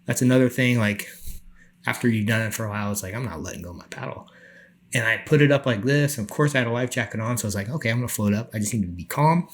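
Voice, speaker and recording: A middle-aged man telling a story on a podcast, animated, acting out the people he quotes. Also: medium pitch, very fast. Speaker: podcast guest. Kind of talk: casual storytelling.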